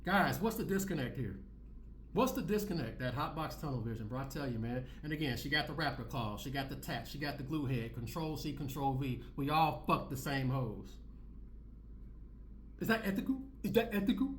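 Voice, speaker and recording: A man's voice: medium pitch, lively intonation, brisk, roomy sound, a little hiss or hum. A man giving reaction commentary in a preachy, repetitive way, full of street slang. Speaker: commentary vlogger.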